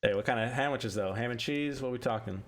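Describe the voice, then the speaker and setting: A man's voice: medium pitch, fast talker, slight background noise. A man hosting a podcast. He teases his guest, laughs often, and stumbles over repeated words while getting to his questions. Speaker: podcast host. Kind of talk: casual podcast chat.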